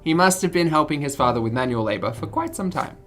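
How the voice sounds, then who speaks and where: A woman's voice: low-pitched, animated, fast talker, faint music behind. A woman streamer reading game text aloud with jokey asides, giggling and tripping over words.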